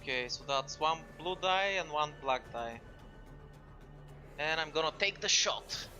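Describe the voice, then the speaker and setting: Very bright-voiced man playing a tabletop game. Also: a little high, expressive, a little slow, soft background music. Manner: chatty, describes his character's moves, checks rules. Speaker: player. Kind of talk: casual tabletop game play.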